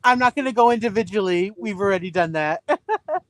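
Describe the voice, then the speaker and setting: A man appearing as a guest on a casual live stream, relaxed and quick to laugh. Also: high-pitched, no echo. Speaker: trivia guest.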